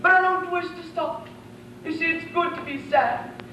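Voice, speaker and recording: A man's voice: very high voice, fairly even intonation, normal speed, background noise, pitched above the performer's own voice. A young man voicing a melodramatic, self-pitying young princess with a swooning, theatrical delivery, recorded from far off in an echoey room. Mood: mournful.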